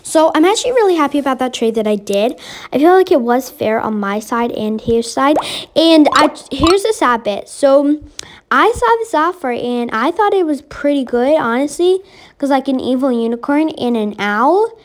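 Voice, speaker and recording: A high-voiced young woman talks through her game trades in a casual voiceover. She is excitable and chatty, full of fillers and "I was like" asides. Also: moderate pace. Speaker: gaming vlogger. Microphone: voiceover mic.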